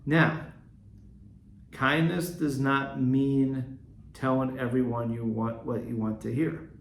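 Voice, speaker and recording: A man's voice: medium pitch, flat delivery, slow. Man, earnest reflective solo talk, ums and restarts, roomy echo, faint background hum. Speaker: podcast host, Catholic school leader.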